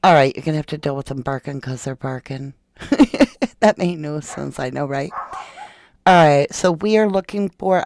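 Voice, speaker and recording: A woman's voice: deep voice, moderate pace, darkish tone. A woman hosting a true crime podcast in a casual, chatty way, talking straight to her viewers and reading a document aloud.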